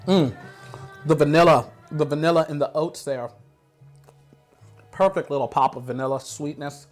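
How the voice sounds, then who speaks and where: A man's voice: fairly high pitch, fairly even intonation, moderate pace, faint music behind. A man hosting a casual food and whisky pairing talk in an upbeat, chatty way, often saying "you know" and repeating himself. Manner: rambling with repeats. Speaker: host. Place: home kitchen.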